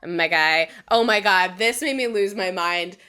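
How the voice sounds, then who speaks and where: A young adult woman co-hosting a podcast, recapping a TV episode with animated storytelling, quoting characters, laughing often and swearing casually. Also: fairly low pitch, moderate pace, clear, resonant tone. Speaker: podcast co-host.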